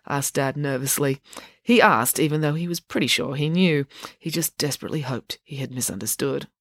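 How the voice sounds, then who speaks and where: A lively host reading a children's book aloud, moving through the narration with relish and then chatting straight to young listeners. The voice sits at a middle pitch. The recording is close and dry with no room sound. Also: a little fast, dry recording. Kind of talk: storybook narration.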